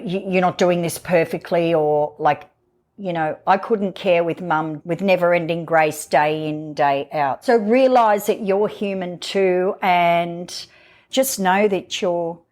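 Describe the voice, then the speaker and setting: A woman, a guest in her own home, telling a personal story in an emotional, halting way with many fillers. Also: on the low side, darkish tone. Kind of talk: candid personal interview.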